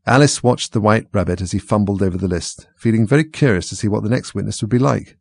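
A man reading a storybook aloud as narrator in a measured, even way. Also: lowish voice, vocal fry, no room sound, studio quality. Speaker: audiobook reader. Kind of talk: scripted narration.

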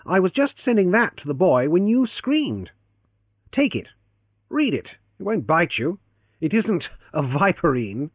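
A man's voice: high voice, big pitch swings, a little slow, husky, dry recording, voice pushed up, heavily acted. Casting: man playing a playful, cocky young hero, raised voice, storybook reading, phone-like audio. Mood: earnest. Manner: teasing, playful. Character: teasing confident young man, grave when serious. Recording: tinny phone-like, dry.

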